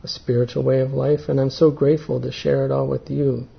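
Gravelly-voiced man giving earnest testimony. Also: mid-range voice, little pitch movement, muffled recording. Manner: earnest, halting, many fillers. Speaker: speaker giving a talk. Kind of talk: personal testimony talk.

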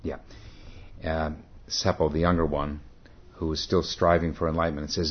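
Deep-voiced man giving a halting dharma talk. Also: little pitch movement. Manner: halting, self-correcting. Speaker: Zen teacher. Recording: dull lo-fi recording.

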